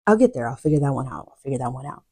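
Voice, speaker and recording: A young woman chatting casually to camera as a book vlogger, drifting into quiet asides. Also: rumbling low, lively intonation, rapid-fire, slightly rough.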